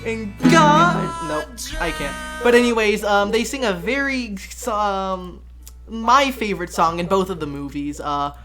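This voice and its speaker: With music playing behind him, a man in a high, animated, slightly slow voice casually reviews a musical film with a friend late at night. He rambles and giggles a lot, swears freely, and acts out scenes in quoted voices, his talk thick with fillers and profanity.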